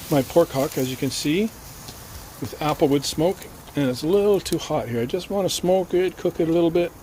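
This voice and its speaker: A man's voice: a little high, darkish tone, slight background noise. A man hosting a casual cooking vlog, chatty and rambling with lots of fillers. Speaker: cooking channel host. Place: outdoors at a barbecue.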